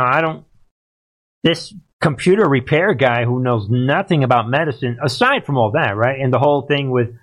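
A man hosting a political livestream, commenting in a rambling, emphatic way and talking to his chat. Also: mid-range voice.

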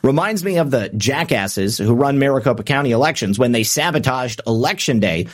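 A man's voice: mid-range voice, lively intonation, brisk. A man hosting a political commentary show, reading out quotes and adding sarcastic remarks with frequent "uh" fillers. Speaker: political commentary podcast host.

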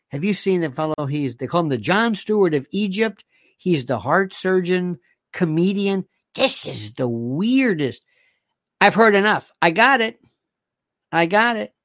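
Animated man firing rhetorical questions. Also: sits high. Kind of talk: opinionated commentary monologue.

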